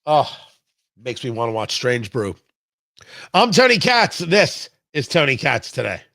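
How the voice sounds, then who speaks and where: A man's voice: mid-range voice, sing-song, measured pace, pushed and bright, no room sound. A man hosting a casual live talk show, reading viewer comments aloud and answering them with sarcastic banter and many restarts. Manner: rambling, many restarts and fillers.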